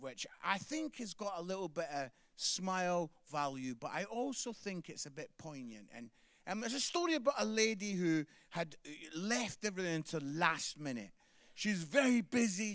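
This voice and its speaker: A man's voice: high voice, a bit bright, dry recording, studio quality. A man from Scotland with a Scottish accent doing a chatty stand-up comedy set, tagging his lines with "yeah?".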